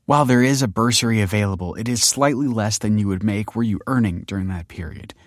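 A man's voice: fairly low pitch, fast talker, dry recording, clean studio sound, natural voice. A man voicing a composed young woman official who explains things in a precise, formal way.

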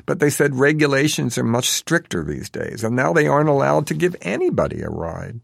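A man's voice: medium pitch, sing-song, fairly quick, creaky, dry recording, studio quality, voice pushed up, exaggerated voice. A man voicing a scheming, snobbish woman con artist who talks in a falsely meek, prim way.

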